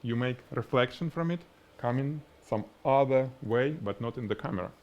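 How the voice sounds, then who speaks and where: Russian-accent guy teaching photo lighting live, mid pitch, animated, demo style. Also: normal speed, dull audio. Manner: animated, explains by demonstrating, laughs at himself. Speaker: photography instructor. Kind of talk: live-stream photography lesson.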